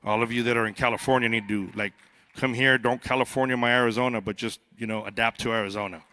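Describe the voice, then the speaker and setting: Speaking at a quick pace, this man has a mid-range voice, a sharp tone and fairly even intonation. He is a border patrol agent delivering a conversational, joking conference speech on stage at a youth summit, often repeating words at the beginning of a sentence.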